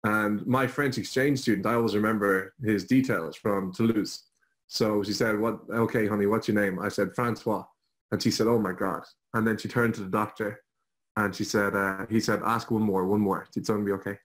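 A man's voice: fairly low pitch, fairly even intonation, moderate pace, low-quality recording. A young Irish man, a guest on an online show, telling a personal story with jokes at his own expense. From Ireland. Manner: jokey, self-deprecating storyteller.

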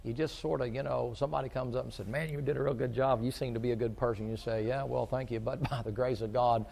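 A middle-aged man preaching a folksy sermon, shifting from quiet storytelling to loud, fervent preaching. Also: medium pitch, steady tone, fast talker, creaky, a little hiss or hum.

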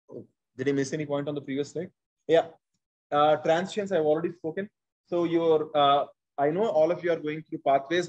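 Husky Indian-accented man teaching speakers. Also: a little high. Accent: Indian English. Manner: animated, repeats points, addresses listeners directly. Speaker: public speaking trainer. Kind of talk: conversational training session.

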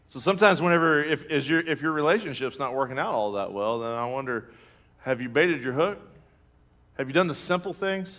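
Preacher guy, fairly high voice, bright and punchy, jumps up when telling his stories. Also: fairly quick. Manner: storytelling, animated, acts out his own reactions; laughs through jokes. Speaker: pastor. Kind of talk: sermon.

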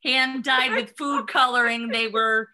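A woman's voice: fairly high pitch, steady tone, a little slow, noisy background. A woman co-hosting a casual skincare workshop, upbeat and encouraging as she gives safety tips. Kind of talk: casual group chat.

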